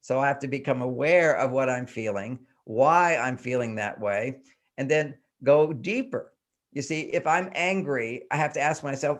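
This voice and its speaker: A man's voice: medium pitch, moderate pace. An older man, a guest on a talk show, explaining in earnest tones. He asks himself question after question and acts out the inner voices as he goes. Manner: self-questioning with repeated rhetorical questions. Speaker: guest relationship expert.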